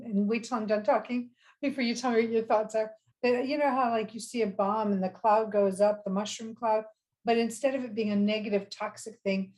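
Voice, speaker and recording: A woman's voice: on the high side, a little mellow. A woman hosting a spiritual podcast, affirming her guest and describing visions with enthusiasm. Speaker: podcast host. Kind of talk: spiritual interview conversation.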